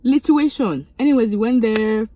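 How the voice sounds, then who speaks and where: A young woman, casually telling a storytime and switching into high, animated quoted voices. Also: a little fast, no echo, lo-fi sound. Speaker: vlogger.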